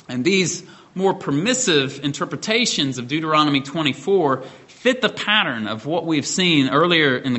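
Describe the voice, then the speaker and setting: A middle-aged preacher gives an expository sermon, guiding listeners through scripture step by step. His voice is bright, forward, and ordinary in pitch for a man, and he speaks in a measured way, occasionally pausing on a filler or restarting a phrase.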